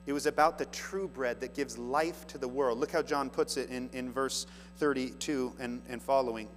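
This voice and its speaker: A man's voice: mid-range voice, fairly even intonation, moderate pace. A man preaching a sermon, reading scripture aloud with earnest, rising emphasis. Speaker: pastor. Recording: long hall reverb, faint music and mains hum.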